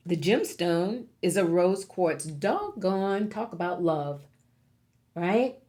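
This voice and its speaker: Low-voiced woman giving a tarot reading. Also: sing-song, slow pace, mellow. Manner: encouraging, emphatic, repeats key words. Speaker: tarot reader. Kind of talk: pick-a-card tarot reading.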